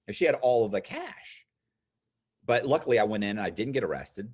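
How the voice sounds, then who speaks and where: A man's voice: on the low side, fairly quick, slightly rough. A man in his fifties, a guest telling a long story in casual conversation and acting out the other people's lines. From United States. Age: 50s. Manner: animated storyteller, acts out quoted voices. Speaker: interview guest.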